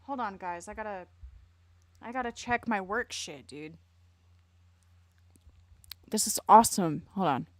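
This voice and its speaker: A woman's voice: mid-range voice, lively intonation, a little slow, pauses often, no echo. Swearing young woman streamer. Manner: crude, swearing, rambling and jokey. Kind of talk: casual live-stream reaction.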